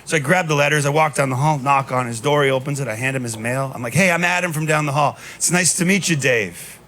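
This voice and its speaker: A man in his thirties doing a stand-up comedy set on a club stage, telling stories in a deadpan way with punchy asides. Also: medium pitch, quick pace. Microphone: handheld stage mic. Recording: live club recording with noise. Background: audience laughter.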